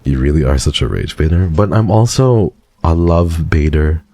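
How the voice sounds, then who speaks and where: A man's voice: a bass voice, expressive, moderate pace, mellow, dry recording. An American man streaming live, chatting casually with viewers in a dry, sarcastic way. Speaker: livestreamer.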